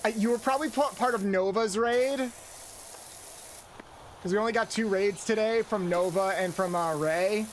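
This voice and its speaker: A woman's voice: mid-range voice, a little hiss or hum, low-quality recording. A woman hosting a live game stream, chatting casually with a co-host and greeting viewers. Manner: chatty, rambling, quick asides to chat.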